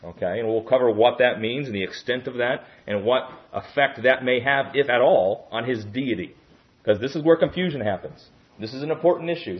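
A man's voice: medium pitch, highs cut off. A man preaching a Bible-teaching sermon in a teacherly way, often checking in with "okay?".

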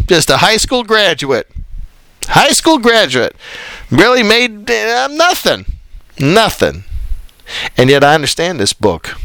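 A male preacher with a bright, lively voice that swings widely up and down as he scolds. He sounds exasperated, reading scripture aloud and lecturing into a close, dry mic. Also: high-pitched, no room sound. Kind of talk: combative Bible study sermon.

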